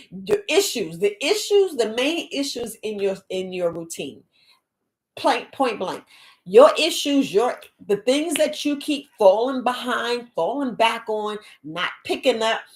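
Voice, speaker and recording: A woman herbalist hosting a live podcast, talking to her viewers in a rambling, chatty, animated way. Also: on the high side. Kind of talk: casual live-stream talk.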